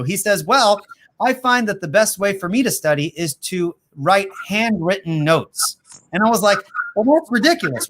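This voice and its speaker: A man hosting a casual video-call interview, talking in a lively, quick way with many fillers and easy laughs. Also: fairly high pitch. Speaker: host and apologetics teacher.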